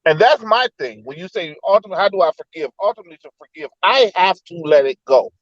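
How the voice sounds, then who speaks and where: Guy with a high voice, reflective, tells stories from his life, kinda muffled dry audio. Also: animated, fast, no echo. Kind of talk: casual debate.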